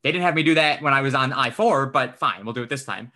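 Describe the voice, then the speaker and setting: A man with a bright, forward voice tells a rambling story on a casual podcast. He is animated, curses freely and slips into quoting himself, with his pitch sitting in an ordinary middle range. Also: fast, slight background noise. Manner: animated, swears often, acts out his own quoted lines. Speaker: podcast host.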